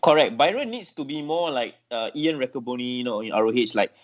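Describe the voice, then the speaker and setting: A man's voice: mid-range voice, animated, fast talker, highs cut off. A man, a wrestling journalist co-hosting a podcast, talking in a laid-back, chatty way. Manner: laid-back, chatty, says bro a lot. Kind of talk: casual chat.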